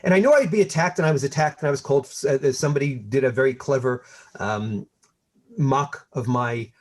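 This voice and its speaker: A husky man in his fifties tells stories with wry humor in a lively conversational lecture. He speaks at a middling pitch, and his voice comes through a video call. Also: fairly quick. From Montreal. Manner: animated, wry storytelling. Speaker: guest historian.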